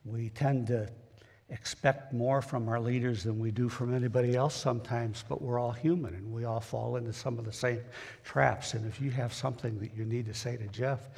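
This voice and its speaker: Folksy male preacher with a husky voice, speaking plainly to the flock in a church with a long echo. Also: medium pitch, fairly even intonation, normal speed, darkish tone. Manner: folksy, plain-spoken, talks directly to the congregation. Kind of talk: conversational sermon. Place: church sanctuary.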